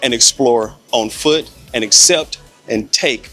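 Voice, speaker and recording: An American man talks straight to the camera in an earnest, emphatic way, leaning hard on key words. His voice sits at an everyday middle pitch. Soft music plays faintly behind him. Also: takes it slowly. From United States. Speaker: vlogger. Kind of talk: advice vlog to camera.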